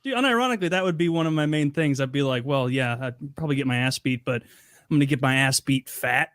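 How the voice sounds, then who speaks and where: A man's voice: medium pitch, quick pace, fairly bright tone, dry recording, studio quality. A man in casual podcast chat, joking and swearing.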